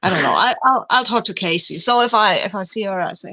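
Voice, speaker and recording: Bright, gravelly woman thinking aloud. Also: mid-range voice, fast. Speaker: player. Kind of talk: casual tabletop play.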